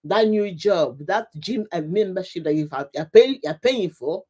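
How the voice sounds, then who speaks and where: A woman's voice: lowish voice, animated, moderate pace, warm tone, slightly rough. A middle-aged woman hosting a live motivational talk, speaking emphatically with lots of repetition and laughing often as she greets her viewers. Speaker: livestream host, coach.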